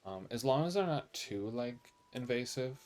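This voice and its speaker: A man's voice: medium pitch, expressive, moderate pace, a little mellow. A man with an American accent streaming a video game, chatting casually and sassily to viewers. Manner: chatty, sassy, reads game dialogue aloud. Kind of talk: casual live game commentary.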